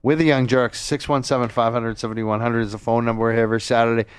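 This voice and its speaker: Male radio host, slight lisp, excitable and loose, dry studio sound. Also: medium pitch, quick pace, clean tone, no echo. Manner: loose, excitable and self-deprecating. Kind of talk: casual radio chat. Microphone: studio microphone.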